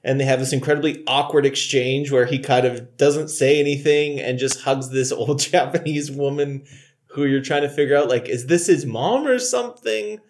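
A man's voice: mid-range voice, normal speed. A man co-hosting a casual comedic movie review chat, laughing often and joking in mock courtroom banter. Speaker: podcast co-host.

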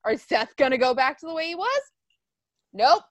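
A woman chatting casually as a podcast co-host, animated, swearing freely and acting out what others said. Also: high voice, brisk, dry recording. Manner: animated, swears a lot, acts out quotes. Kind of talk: casual wrestling chat.

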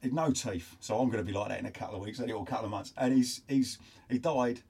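A man chatting as a guest musician, telling animated stories and laughing as he tells them. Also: fairly low pitch, fast, vocal fry, breathy edge. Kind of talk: casual chat, storytelling.

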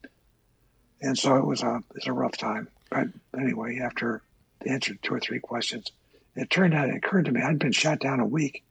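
An older man, a former Navy officer, recounting his past in a halting interview with many fillers. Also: mid-range voice, vocal fry, slightly rough, dry recording, low-quality recording. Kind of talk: oral history interview.

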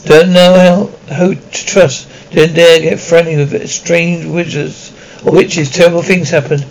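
A man voicing a huge, gruff but kindly male giant groundskeeper in an audiobook, speaking in a rambling, folksy way with halting restarts. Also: on the high side, little pitch movement, poor audio. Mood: grave. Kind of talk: audiobook character reading.

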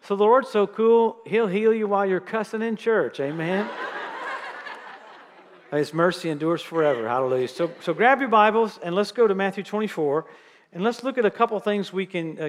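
Middle-aged man, guest preacher, high and lively, humorous storytelling sermon, church hall reverb. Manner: lively, jokes with the audience. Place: church sanctuary.

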